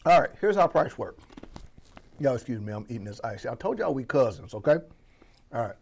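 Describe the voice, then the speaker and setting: A man from Florida coaching on business, talking to the audience as family with a playful, animated delivery. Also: mid-range voice, brisk, creaky, slightly rough. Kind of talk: energetic motivational teaching.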